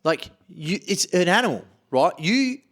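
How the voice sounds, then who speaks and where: A man holding forth in a loose podcast conversation, swearing freely and arguing his point with a pitch that jumps all over the place. His delivery is blunt and rowdy, more rant than discussion. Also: measured pace. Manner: blunt, heavily profane, animated ranting. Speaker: podcast co-talker. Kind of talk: casual podcast chat.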